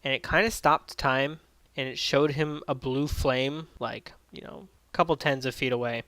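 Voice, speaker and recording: A man's voice: medium pitch, steady tone, moderate pace, sharp tone, no echo. A man casually recapping and reviewing an anime episode, rambling with lots of fillers and swearing freely.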